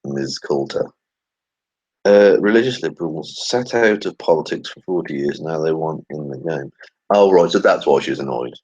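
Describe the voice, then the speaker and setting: A man's voice: rumbling low, lively intonation, moderate pace, darkish tone, husky, no echo, highs cut off. A man hosting a casual commentary video, reading tweets aloud with sarcastic, swearing asides and muttered remarks. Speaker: channel host.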